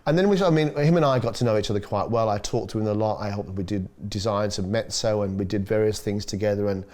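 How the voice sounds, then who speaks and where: Animated Australian man telling stories. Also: fast. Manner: animated storyteller, acts out quotes with big pitch jumps. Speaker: chef guest. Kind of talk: casual podcast chat.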